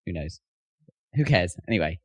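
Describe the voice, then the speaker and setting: Male podcast co-host, low voice with lots of swing, rambling, dry close sound. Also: sing-song, moderate pace, a bit bright, no room sound, dull audio. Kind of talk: casual chat.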